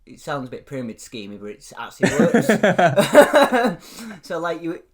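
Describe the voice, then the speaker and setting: A man's voice: fairly high pitch, big pitch swings, unhurried, crowd noise. A young British man co-hosting a podcast, chatting casually, swearing a lot and laughing often. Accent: British English. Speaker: podcast co-host. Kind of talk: casual chat.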